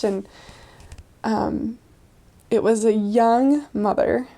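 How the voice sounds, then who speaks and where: A woman's voice: medium pitch, level tone, slow, warm tone. A young adult woman, a returned missionary, casually telling stories in a chatty way, full of "like" and laughs. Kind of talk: casual storytelling interview.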